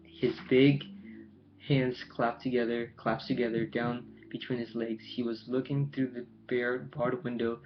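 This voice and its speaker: A man's voice: medium pitch, level tone, unhurried. A man reading a novel aloud in a plain, careful way, with small stumbles, recorded with a dull, lo-fi sound. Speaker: audiobook reader. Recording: dull lo-fi home recording with faint hiss.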